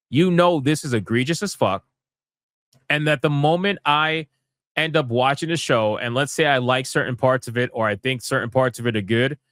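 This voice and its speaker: A man's voice: medium pitch, a bit bright, no echo, studio quality. A young man hosting a live gaming commentary stream, ranting in a heated, profane, exasperated way.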